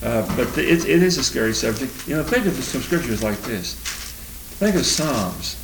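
A man teaching the Bible verse by verse, reading scripture aloud with rising emphasis and then commenting in loose, halting asides. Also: medium pitch, big pitch swings. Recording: roomy, distant mic with faint noise.

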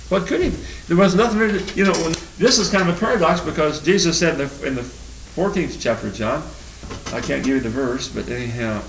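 A man teaching the Bible verse by verse, reading scripture aloud with rising emphasis and then commenting in loose, halting asides. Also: fairly high pitch. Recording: roomy, distant mic with faint noise.

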